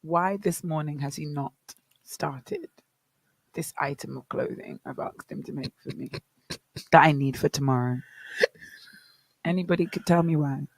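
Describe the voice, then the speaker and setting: A young woman with a Bahamian accent co-hosting a morning radio show, telling stories in a lively way and often calling out to her listeners. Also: low-pitched, moderate pace, long pauses, no room sound. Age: young adult. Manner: animated storytelling, preacherly asides to listeners. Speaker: radio co-host. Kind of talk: casual morning radio chat. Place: radio studio.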